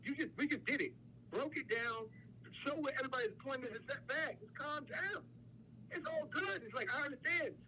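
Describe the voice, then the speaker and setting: A man co-hosting a podcast, talking insistently to calm down two arguing friends. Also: very high voice, brisk, a little hiss or hum, poor audio. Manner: preachy, insistent mediating. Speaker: podcast co-host. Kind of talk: heated podcast talk.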